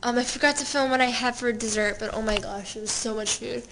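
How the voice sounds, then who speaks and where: A woman's voice: a little high, fairly even intonation, fast talker, fairly bright tone, slight background noise. A young woman vlogging casually from her family's home, chatty and giggly with lots of fillers. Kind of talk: casual vlog chat.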